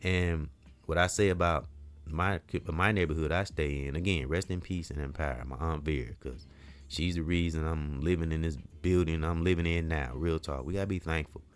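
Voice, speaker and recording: A middle-aged man speaks in a low, deep register, talking casually to camera in a vlog monologue. He rambles earnestly and keeps circling back with "you know." Now and then he lets a curse word slip. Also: moderate pace. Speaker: community vlogger.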